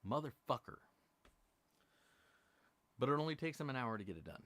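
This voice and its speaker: A middle-aged man rants on a live stream with a bright, forceful voice, and his pitch swings widely as he tells the story. He swears freely and sounds exasperated. The sound is dry and close. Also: sing-song, normal speed, dry recording. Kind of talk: casual ranting live stream.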